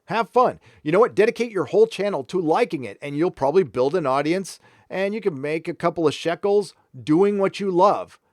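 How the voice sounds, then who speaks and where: A man's voice: high-pitched, lively intonation, brisk, hardly any pauses, darkish tone, no room sound, clean studio sound. A man from San Diego hosting a live stream, talking frankly and rambling as he reads out viewer comments. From San Diego, California. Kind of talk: casual live stream chat.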